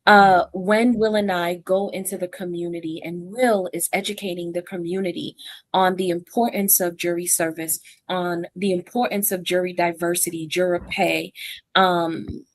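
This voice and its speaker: Affirming woman host, lowish voice. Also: steady tone, moderate pace. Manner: warm, affirming, asks follow-up questions. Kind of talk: hosted conversation.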